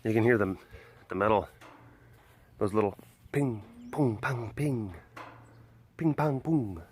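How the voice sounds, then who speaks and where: A man's voice: on the low side, lively intonation, slow pace, darkish tone, slight background noise. A man filming outdoors at a big cat sanctuary. He talks in a playful, teasing way and drops into baby talk with the cats. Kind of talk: casual vlog talking to the camera and to tigers.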